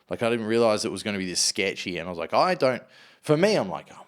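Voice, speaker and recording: A man's voice: on the low side, sing-song, fast talker. A man as a podcast guest, chatting bluntly with crude slang and lots of swearing. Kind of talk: casual chat.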